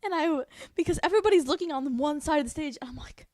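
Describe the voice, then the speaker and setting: High-voiced young woman, laughing storyteller. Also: rapid-fire, no room sound, studio quality. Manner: animated, laughs often, swears freely. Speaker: podcast co-host. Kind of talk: casual chat.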